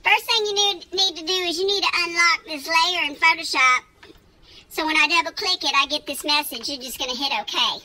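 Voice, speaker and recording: A woman's voice: extremely high pitch, a little fast, sharp tone. A Texan woman hosting a casual screen-share tutorial, folksy and chatty, laughing easily as she walks through each step. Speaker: host giving a software tutorial.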